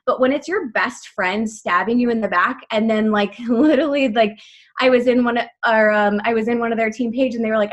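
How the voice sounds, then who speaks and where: A woman in her thirties leading a team call, telling a personal story quickly and breathlessly, full of "like" fillers, her voice shaking with emotion. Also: a little high. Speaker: team leader speaking to her coaching team.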